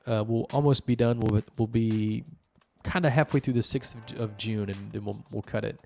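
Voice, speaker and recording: A man's voice: fairly low pitch, fairly even intonation, moderate pace, gravelly, hardly any pauses, a little mellow. A man hosting a show, reviewing wiki articles in casual, rambling commentary full of fillers and restarts. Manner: rambling, many fillers and restarts, explains at length.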